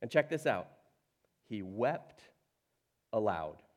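A man preaching a sermon, telling a story with lively asides, quoted voices and laughs. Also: on the low side, slow pace. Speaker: pastor.

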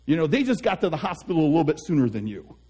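A man speaking as a life coach in an earnest, animated motivational talk, acting out the people he quotes. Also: fairly high pitch, racing, husky.

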